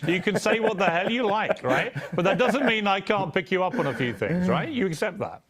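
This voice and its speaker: An English man hosting an interview, firm and measured as he challenges his guest. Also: high voice, lively intonation, a bit bright. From England. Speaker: interview host. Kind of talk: interview questioning.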